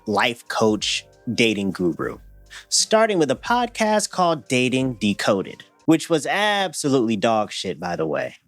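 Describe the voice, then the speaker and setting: A male commentary host narrates in a casual, sarcastic way and laughs at his subject. His pitch moves around a lot. The sound is dry and close, with faint music playing underneath. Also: no room sound.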